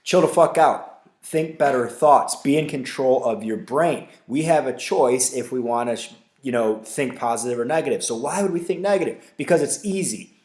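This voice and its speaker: A man's voice: mid-range voice, normal speed, few pauses, darkish tone. A man hosting his own podcast, talking alone in a blunt, profane, ranting way and leaning on fillers and tag questions like "right?". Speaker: podcast host. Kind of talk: casual solo podcast rant.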